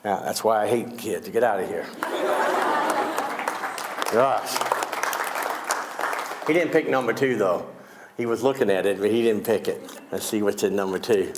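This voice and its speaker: A man's voice: lowish voice, unhurried, long pauses, over a noisy crowd. A man performing comedic magic on a school stage, teasing his young volunteers with wisecracks. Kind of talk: comedic magic show patter.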